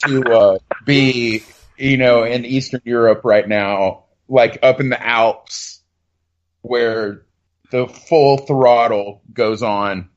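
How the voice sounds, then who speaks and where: A man in casual podcast chat, talking loosely and excitably, swearing, with lots of fillers. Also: mid-range voice, dull audio.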